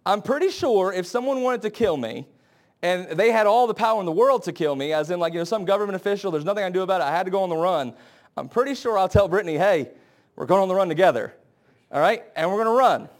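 High-voiced man preaching conversationally. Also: expressive, fast talker. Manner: earnest and conversational, acts out scenes with quoted voices. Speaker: pastor. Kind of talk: sermon.

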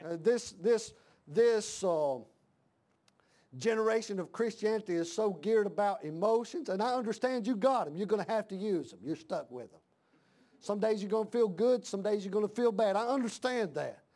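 A middle-aged man preaches in a church with a high, ringing voice. He hammers his points home by repeating lines and climbing into shouts, a pastor in full fire. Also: animated, normal speed. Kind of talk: fiery sermon.

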